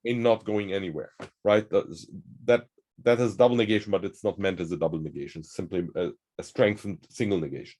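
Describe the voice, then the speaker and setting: A man's voice: low-pitched, a little fast, darkish tone. A man hosting a conversation, explaining ideas in a thoughtful, searching way. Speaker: host. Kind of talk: conversational discussion.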